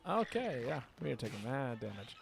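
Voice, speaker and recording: A man talks casually to viewers while he plays. His voice sits at an ordinary middle pitch, he drifts between thoughts, and he lets out loud, cursing reactions. Quiet game music plays underneath. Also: very animated, brisk, creaky. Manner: chatty and rambling, swears, reacts loudly to surprises. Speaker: streamer playing a video game. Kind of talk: casual livestream commentary.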